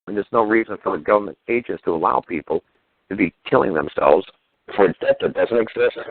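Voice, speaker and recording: A man's voice: low voice, animated, fairly quick, no echo. A man on a talk show telling a story in a blunt, profane, fired-up way over the phone. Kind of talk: casual call-in radio chat. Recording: tinny phone line.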